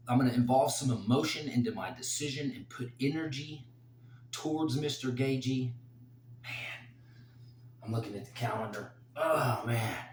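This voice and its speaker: A man in a roomy, echoing space with a faint hum behind him talks his fight picks through in loose, rambling chat. He gets worked up and emotional, leaning on fillers as he goes, and his pitch sits in an ordinary middle range. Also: normal speed. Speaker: host making fight picks. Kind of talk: casual solo commentary.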